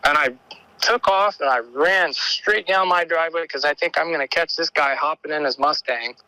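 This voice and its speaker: A man's voice: a little high, clear, resonant tone, no room sound, low-quality recording. A man calling in to tell a story in casual, rambling speech, restarting his sentences often and growing urgent as the events unfold. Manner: rambling, halting, with frequent restarts and fillers; grows excited and urgent as the story builds. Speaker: caller telling an encounter story.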